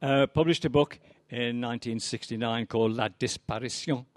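A man's voice: medium pitch, moderate pace, no echo, clean studio sound. A poet giving a reading of his poems with anecdotes, chatty and wry, full of ums and uhs.

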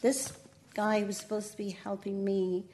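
Mellow-voiced older Northern Irish woman. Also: medium pitch, flat delivery, moderate pace, a little hiss or hum. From Northern Ireland. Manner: chatty, laughing often, with self-mocking asides. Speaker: poet guest. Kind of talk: conversational interview.

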